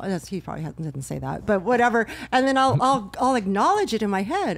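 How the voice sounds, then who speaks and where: Give me a chatty woman co-hosting a podcast, telling everyday stories with quoted lines, at an ordinary pitch. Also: very animated, fast, creaky, few pauses. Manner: chatty, retells everyday scenes with quoted voices. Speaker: podcast co-host. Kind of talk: casual chat.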